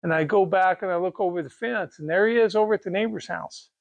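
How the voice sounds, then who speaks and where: A middle-aged Kansas man who owns a race car parts business tells a rambling, folksy story, restarting and quoting dialogue along the way. His voice sits high and creaky, he talks fast, and the recording is dry. It's casual storytelling.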